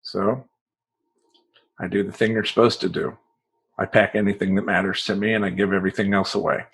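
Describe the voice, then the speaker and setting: Husky man, life coach, swearing storyteller, rambling and lively. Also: fairly low pitch, a little fast, low-quality recording. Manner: profane, rambling and animated. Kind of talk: personal storytelling talk.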